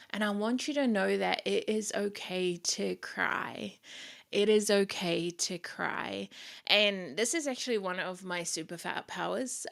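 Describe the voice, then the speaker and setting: A woman's voice: medium pitch, gravelly, pushed and bright. A young woman hosting her own podcast, talking casually, candidly and from the heart, with plenty of swearing. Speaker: podcast host. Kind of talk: casual solo podcast monologue.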